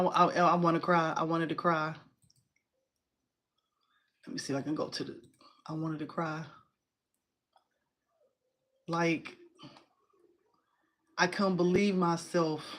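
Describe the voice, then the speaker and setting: A woman hosting a casual crafting live stream from home. She talks in an excitable, chatty way, says "y'all" a lot, and answers viewers' comments aloud. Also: on the low side, takes it slowly, long pauses. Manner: uses y'all and informal phrasing.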